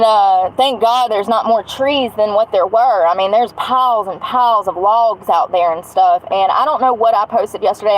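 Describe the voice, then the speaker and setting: A woman's voice: a little high, poor audio. A woman venting bluntly on a livestream, swearing as she rants. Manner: angry, blunt, swearing rant. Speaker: vlogger.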